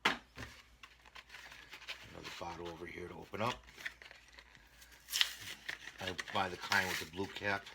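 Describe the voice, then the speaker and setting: A man's voice: low-pitched, flat delivery, unhurried, creaky, long pauses, very noisy. A man hosting a casual hobby repair vlog, rambling and talking to himself as he glues models together. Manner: rambling, talks to himself while gluing. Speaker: channel host repairing models.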